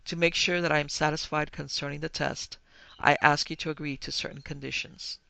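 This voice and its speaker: A man's voice: a little high, little pitch movement, brisk, vocal fry, bright, forceful tone, clear, resonant tone, no echo, exaggerated voice. A stiff, skeptical German businessman, as a man reads him. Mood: formal. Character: skeptical middle-aged male German businessman.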